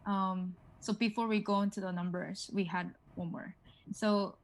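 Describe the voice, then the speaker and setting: A woman with as her leads a relaxed one-on-one lesson. She talks in loose, hesitant explanations full of fillers and says each word slowly for her student to copy. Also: medium pitch, a little hiss or hum, poor audio. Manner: explains haltingly with many "like" and "um", models words for repetition. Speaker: Korean language tutor. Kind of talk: casual one-on-one language lesson.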